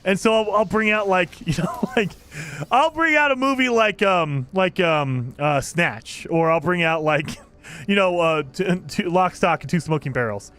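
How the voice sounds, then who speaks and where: A man's voice: high voice, a little slow, a bit bright. A man chatting casually on a live stream, reading chat aloud, laughing often and restarting his sentences.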